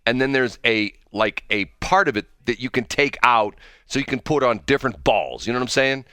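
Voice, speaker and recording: Male radio host, rambling chat, lively pitch, bright voice, dry studio sound. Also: brisk, smooth, dry recording. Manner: rambling, goes off track, laughs often. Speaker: radio morning show host. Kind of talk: casual radio banter.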